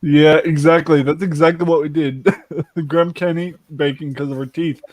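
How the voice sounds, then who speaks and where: A man's voice: a little high, level tone, normal speed, a little mellow, no echo. A man from Ireland telling a rambling, laughing anecdote as a livestream host, acting out the voices in it. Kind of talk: casual storytelling on a livestream.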